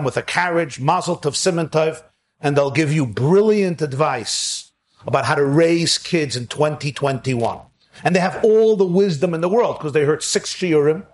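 Earnest guy preaching a story sermon, voice a bit on the high side, draws out the big lines. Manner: earnest, with slowed, stretched emphasis on key phrases.

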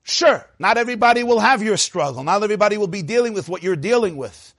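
A man giving a sermon, telling stories in an expressive way and mixing in Yiddish and Hebrew phrases. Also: high-pitched, fast, gravelly, no echo, studio quality. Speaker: rabbi. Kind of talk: sermon with storytelling.

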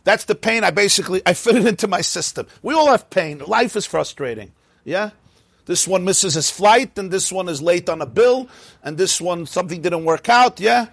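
A man's voice: high-pitched, expressive, moderate pace, vocal fry, husky, dry recording. A man teaching a Chasidic text class, chanting Hebrew passages in a sing-song, then explaining them animatedly in English. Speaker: Torah teacher.

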